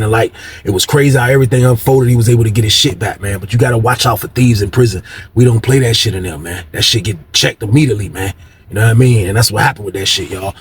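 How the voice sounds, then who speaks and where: A young man casually telling a story to his viewers, animated and slangy with heavy cursing. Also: medium pitch, a little hiss or hum. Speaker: storyteller host of a video channel.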